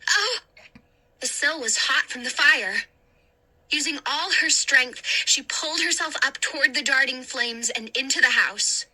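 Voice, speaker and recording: A woman reads a spooky chapter book aloud in a deliberate, dramatic way. Her voice sits high and sounds crisp and bright. She takes her time over every line. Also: rough recording. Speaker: narrator. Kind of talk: audiobook reading.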